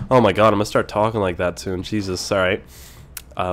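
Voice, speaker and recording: A young man giving casual let's-play commentary as a gaming host, rambling to himself, excitable and swearing often. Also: mid-range voice, moderate pace.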